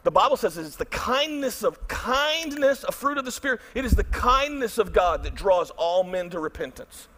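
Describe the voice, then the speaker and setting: A middle-aged man, preaching a storytelling sermon in an animated way and acting out his own thoughts. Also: high-pitched, normal speed, hardly any pauses. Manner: animated, acts out his own inner voice loudly. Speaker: pastor.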